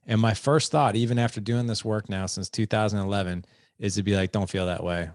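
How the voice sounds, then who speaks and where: A man hosting a podcast in casual conversation, animated as he acts out quoted dialogue. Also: fairly low pitch, fairly quick, no echo, studio quality. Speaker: podcast host.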